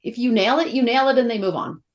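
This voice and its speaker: A woman's voice: a little high, fast. Candid, emotional woman telling stories. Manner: candid, emotional, animated storytelling. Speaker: actress guest. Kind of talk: casual interview chat.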